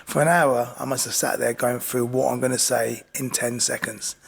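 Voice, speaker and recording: Animated man with a gravelly voice. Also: medium pitch, moderate pace. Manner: animated, repeats "do you know what I mean". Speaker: boxing coach and podcast guest. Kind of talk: casual storytelling.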